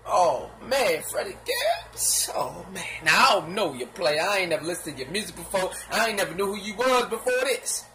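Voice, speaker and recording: Bright-voiced man doing animated gossip commentary. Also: sits high, a little fast, hardly any pauses, a little hiss or hum. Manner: animated, laughing, slangy, acts out quotes; sound effects and repeated filler phrases.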